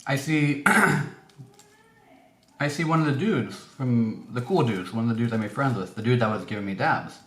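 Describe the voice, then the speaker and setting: A man's voice: mid-range voice, moderate pace. A man telling a story casually as a vlogger, rambling with many fillers and restarts. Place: indoor room. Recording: echoey room, faint noise.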